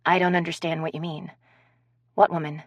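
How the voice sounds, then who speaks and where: A woman narrator voicing a calm, soft-spoken young female coworker speaking politely in an audiobook. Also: sits low, moderate pace, no room sound, lo-fi sound.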